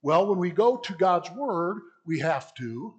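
A man's voice: high-pitched, big pitch swings, measured pace, breathy edge. A man preaching in an interactive Bible class, talking conversationally, asking the audience questions and often restarting his sentences. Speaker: preacher teaching a church class.

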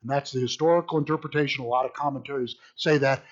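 A man teaching a Bible study in a lively, sardonic way, mixing read passages with his own wry asides. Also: mid-range voice, quick pace. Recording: dull lo-fi recording.

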